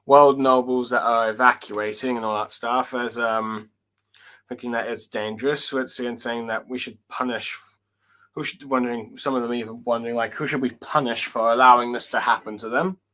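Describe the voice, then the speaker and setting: A man's voice: medium pitch, steady tone, moderate pace, sharp tone. Hesitant man recapping a manga chapter. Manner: hesitant, many fillers and restarts while reading along. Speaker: manga reviewer. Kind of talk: casual solo chapter review.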